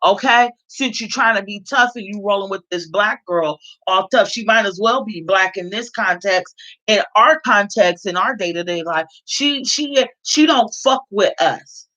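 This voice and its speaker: A woman's voice: medium pitch, measured pace, a bit bright, lo-fi sound. A woman from California giving a blunt, heavily profane commentary rant and repeating her points for emphasis. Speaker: vlogger.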